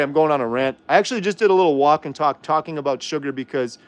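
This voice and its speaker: A man's voice: medium pitch, lively intonation, fast talker, hardly any pauses, clean tone. A man hosting a livestream, arguing heatedly and firing off rhetorical questions while reading viewer comments. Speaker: host. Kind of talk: livestream chat and rant.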